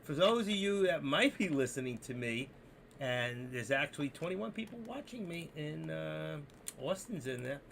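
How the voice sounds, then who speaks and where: A man hosting a live trading stream, talking to viewers in an excitable, rambling, joking way. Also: on the high side, normal speed, gravelly, a little hiss or hum. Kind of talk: casual live-stream commentary.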